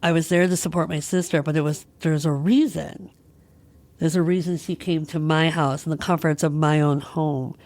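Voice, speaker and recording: Woman, podcast host, low voice, close dry sound, candid personal monologue. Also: fairly even intonation, normal speed, a little mellow, dry recording. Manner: candid, emotional, searching.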